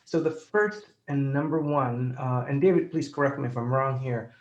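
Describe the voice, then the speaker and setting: Halting man on dull lo-fi audio. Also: mid-range voice. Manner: halting, many fillers and restarts. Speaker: pain psychologist. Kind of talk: conversational explanation.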